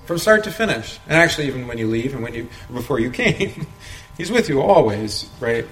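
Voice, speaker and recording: A man's voice: medium pitch, sing-song, fairly quick. Chatty man teaching a Bible study. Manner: conversational, asks rhetorical questions, chuckles often. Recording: roomy echo, faint background noise.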